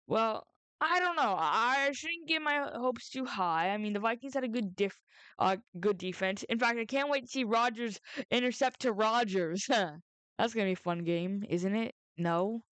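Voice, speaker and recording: Woman, casual sports vlogger, smooth and fairly high, dry close sound, rambling with lots of restarts. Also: no echo. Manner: rambling, halting, frequent restarts and self-corrections; excitable, jumps up in pitch when outraged.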